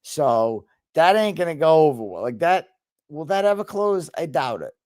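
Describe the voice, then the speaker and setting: A man's voice: fairly high pitch, normal speed, no room sound, clean studio sound. A man telling a story with a lot of swearing, in a casual chat over a video call. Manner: animated storytelling, frequent swearing. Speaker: guest.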